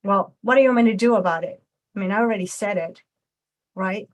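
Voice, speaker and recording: Raccoon puppet, voiced by a woman: a brash little male raccoon who fires back quick and pushy in a mid-pitched voice. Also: lightly acted. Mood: defensive.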